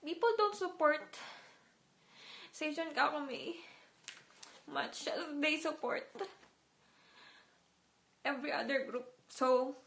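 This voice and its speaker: A young woman with a high voice chats on her livestream at an unhurried pace. She rambles with feeling, doubles back on her words and drops in the odd Tagalog phrase. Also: a bit bright. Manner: emotional, rambling, repeats words. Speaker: idol livestreamer. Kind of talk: casual livestream chat.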